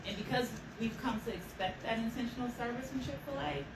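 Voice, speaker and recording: A woman's voice: a little high, brisk. A woman in a casual conversation, laying out her view step by step in a thoughtful way. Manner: thoughtful, builds points step by step. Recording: roomy, distant mic, audible noise.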